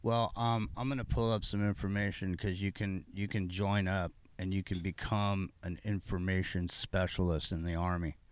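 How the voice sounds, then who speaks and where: A man with a low, steady voice holds forth on a late-night talk podcast, circling back and restarting his sentences as he builds an argument. The sound is close and dry, with no room around it. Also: moderate pace, hardly any pauses, clean tone, no echo. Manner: ranting, restarts sentences often. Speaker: podcast co-host.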